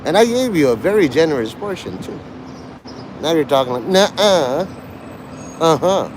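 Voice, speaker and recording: A man's voice: on the high side, very animated, fairly quick, noisy background. A man from New York City livestreaming outdoors, rambling erratically and taunting his chat in an abrasive way. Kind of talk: rambling live-stream chat.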